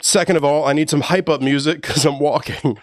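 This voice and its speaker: A man's voice: fairly high pitch, steady tone, brisk, no room sound, studio quality. A young man chatting casually on a live stream while walking, slangy and joking as he rambles. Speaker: livestreamer.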